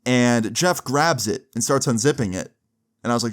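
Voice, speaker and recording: A young man at a mid pitch tells a casual story, swearing freely and leaning on filler words. He sounds loose and conversational, like a storyteller talking to his followers. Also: lively intonation, moderate pace. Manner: crude, casual, many "like" fillers.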